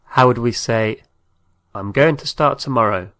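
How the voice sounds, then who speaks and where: A man teaching a language lesson, saying each phrase slowly and repeating it, sometimes spelling words out letter by letter. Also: mid-range voice, a bit bright, dry recording, clean studio sound.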